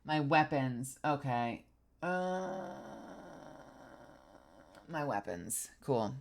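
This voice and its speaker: A woman streaming a game live, chatting to viewers, swearing often and swinging from shouting to muttering. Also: rumbling low, lively intonation, drawn-out words, noisy background. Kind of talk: live gameplay stream chat.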